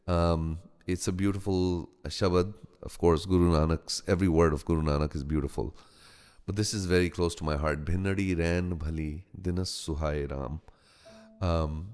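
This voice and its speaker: Low-voiced man with American-Indian accent. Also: clean tone, big-room sound. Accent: American-Indian mix. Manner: halting, frequent ums and restarts, greets each viewer warmly by name. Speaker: host of a live meditation stream. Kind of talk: live-stream greetings to viewers. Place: home studio.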